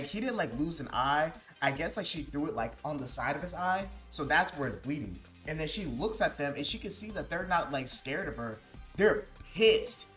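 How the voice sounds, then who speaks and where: A man's voice: fairly high pitch, a bit bright. A man giving an enthusiastic, casual review of a manga chapter, retelling the story in a loose, chatty way full of "like" and "bro".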